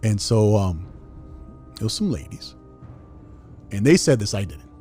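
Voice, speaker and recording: A man hosting a podcast, telling stories in a casual, animated way, laughing often and repeating words as he starts sentences. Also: on the low side, measured pace, faint music behind. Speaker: podcast host and former scare actor. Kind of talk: casual storytelling chat.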